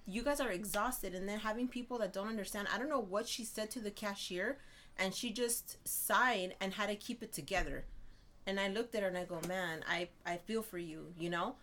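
Young woman ranting about a store trip, animated and fed up, keeps saying right?. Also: mid-range voice, brisk, a little hiss or hum. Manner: animated, exasperated storytelling with frequent "right?". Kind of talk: casual storytelling chat.

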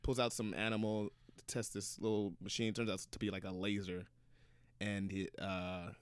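Low-voiced man, dry rambling chat. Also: little pitch movement, normal speed, smooth, no echo. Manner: loose, rambling storytelling with many fillers. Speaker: podcast co-host. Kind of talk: casual chat.

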